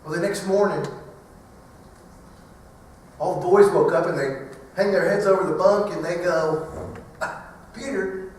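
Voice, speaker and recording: A man's voice: high voice, moderate pace, pauses often, far from the mic, slight background noise. Middle-aged man telling stories in an echoey hall. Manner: animated, acts out voices. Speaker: banquet speaker. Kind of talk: humorous storytelling talk. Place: large banquet hall.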